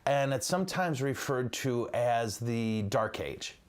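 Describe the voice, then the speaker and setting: A man's voice: medium pitch, expressive, takes it slowly. A man, a priest, giving a livestreamed teaching in a chatty, joking, digressive way. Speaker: priest teaching church history.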